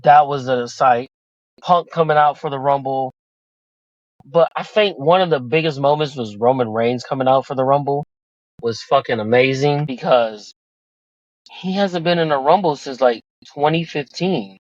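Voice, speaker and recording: A man hosting a podcast, retelling events in casual chat, excitable and swearing freely. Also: medium pitch, moderate pace, dry recording. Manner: excitable, profane storytelling. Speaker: podcast host. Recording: dull lo-fi dry sound.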